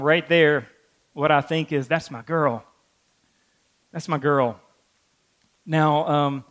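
A man's voice: a little high, a bit bright, clear, resonant tone. A middle-aged man preaching a sermon, earnest, repeating key phrases for emphasis. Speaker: pastor.

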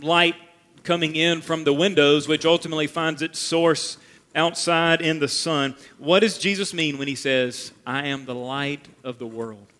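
A man preaching a sermon as pastor, earnest and measured, repeating key phrases for emphasis. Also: on the high side, steady tone, fairly bright tone. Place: church sanctuary. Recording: long reverb of a church hall.

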